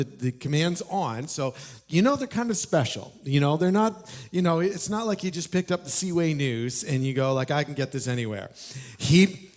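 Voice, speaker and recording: A man preaching a sermon in a church, telling the story with animated energy and asking the congregation questions. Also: a little high. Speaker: pastor. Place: church auditorium.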